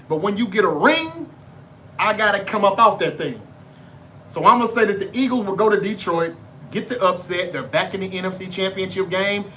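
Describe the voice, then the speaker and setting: A man with a high, bright, forceful voice runs through his football picks in loose, swaggering banter, swearing freely and ribbing rival fans. A faint hum of room ambience sits under him. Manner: brash, profane, trash-talking fan banter. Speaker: sports debate show host. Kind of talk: casual sports predictions monologue.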